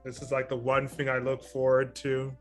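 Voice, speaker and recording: A young man, one of the players, saying a halting goodbye with many restarts. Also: medium pitch, monotone. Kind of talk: casual goodbye on a stream. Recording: faint music behind.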